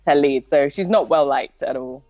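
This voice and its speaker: A woman's voice: sits low, normal speed, warm tone, soft background music. A woman from the UK, chatting candidly about politics and laughing often. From United Kingdom. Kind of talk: casual political chat. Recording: dull muffled audio.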